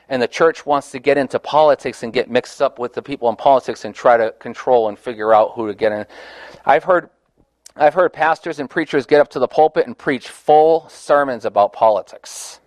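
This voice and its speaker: A man's voice: mid-range voice, fairly quick, no echo. A man leading a Bible study discussion, earnest and conversational, often restarting his phrases.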